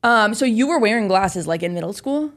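A woman's voice: medium pitch, expressive. Upbeat woman podcast co-host. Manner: upbeat, encouraging, quick to react. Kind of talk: casual chat.

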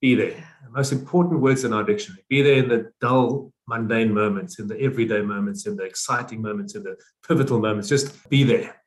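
A man's voice: lowish voice, fairly quick, hardly any pauses. Earnest South African man, repeating phrases. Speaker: guest. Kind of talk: interview conversation.

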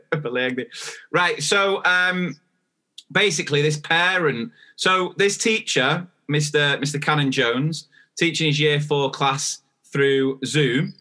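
A man co-hosts a teachers' podcast in relaxed, rambling chat, full of fillers and restarts. His voice is bright and forward, pitched a little high for a man. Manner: rambling, chatty, lots of fillers and restarts, quick to laugh. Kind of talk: casual chat.

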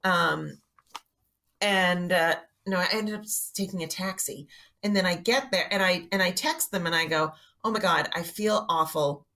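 A woman's voice: fairly low pitch, moderate pace, bright, forceful tone. A middle-aged woman comedian telling self-mocking stories in a casual podcast chat.

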